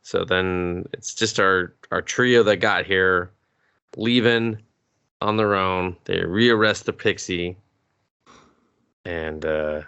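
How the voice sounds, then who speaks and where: A man's voice: sits low, slow pace, long pauses, pushed and bright, smooth. A man co-hosting a podcast, recapping a movie in casual chat, swearing freely and acting out the characters' lines. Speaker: podcast co-host.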